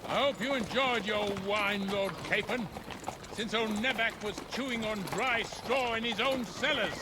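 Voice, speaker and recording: An actor playing a haughty medieval chamberlain who talks down to others, with music behind him in a game. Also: male voice, sits high, unhurried, noisy background. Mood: scornful. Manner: scornful, commanding.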